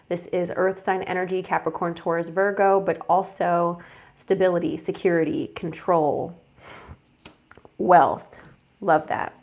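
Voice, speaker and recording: A young woman with a slightly low voice gives a laid-back tarot reading. She sounds congested and stuffy, chatting loosely, trailing off and restarting her sentences. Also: darkish tone. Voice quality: casual, chatty with fillers and self-corrections. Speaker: tarot reader. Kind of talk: casual tarot forecast.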